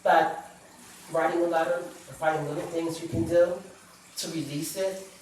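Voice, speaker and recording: A woman's voice: sits low, fairly even intonation, moderate pace, darkish tone, slight background noise. A middle-aged woman, a guest author, sharing a personal story on a talk show in an earnest, reflective way. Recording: echoey room, far from the mic.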